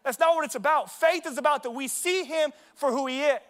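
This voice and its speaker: A young male pastor with a strikingly high voice preaches in a loose, conversational way. He jokes with the congregation and moves from personal stories into the sermon's message. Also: fairly quick, fairly bright tone. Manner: casual, joking, conversational. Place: church service.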